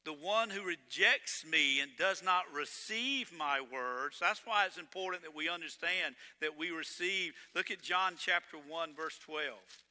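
Male pastor, sermon, very bright voice, slightly high, long church-hall reverb. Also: unhurried. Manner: emphatic preaching with big swings in volume.

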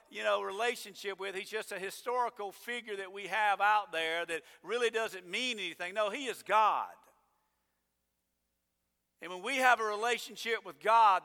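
A middle-aged man preaching a sermon as pastor, swinging from loud emphatic declarations down to low, quiet asides. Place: church sanctuary. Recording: long church hall reverb.

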